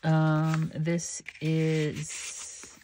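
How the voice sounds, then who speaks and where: A woman hosting a crafting channel, chatting casually and meandering through a journal flip-through with soft laughs and many fillers. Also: sits low, completely flat delivery, extremely slow, slight background noise.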